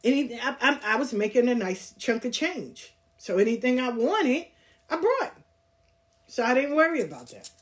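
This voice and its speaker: A woman on her podcast tells stories casually, bluntly and profanely, with a streetwise edge and frequent laughter. Her voice is fairly high with big swings in pitch, at a normal speed.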